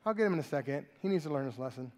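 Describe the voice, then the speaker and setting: A pastor putting on a calm, amused teacher who speaks low and unhurried. His lines land with a wry ease. Long hall reverb trails each phrase.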